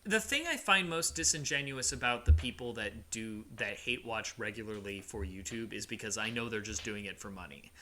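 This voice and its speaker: A man co-hosting a casual podcast, getting worked up and repeating himself for emphasis. His voice is bright and forceful. A faint hiss and clicks sit underneath. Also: fairly low pitch, lively intonation, normal speed, few pauses. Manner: emphatic, ranting, repeats words. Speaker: podcast co-host.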